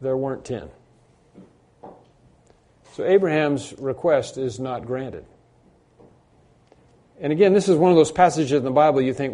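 Man preacher, mid-range pitch, warm dark timbre, mixes scripture reading with loose commentary. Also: moderate pace, long pauses. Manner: reads scripture aloud, then comments with fillers and restarts.

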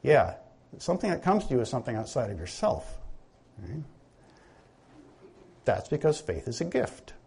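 A man's voice: mid-range voice, very animated, moderate pace, gravelly, pauses often, darkish tone, slight background noise. A man preaching a sermon in a conversational teaching manner, often asking his listeners questions.

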